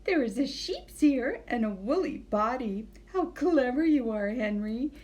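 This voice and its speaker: Bleating, bickering lady sheep from a farm picture book, played by a woman; lifted, bright pitch. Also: expressive, a little slow. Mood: chatty. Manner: bleating, quarrelsome. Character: chattering flock of female sheep.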